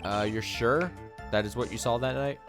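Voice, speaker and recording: A man's voice: medium pitch, moderate pace, close to an everyday voice. A man voicing an earnest young male defense lawyer in a let's play, asking probing questions, with game music behind.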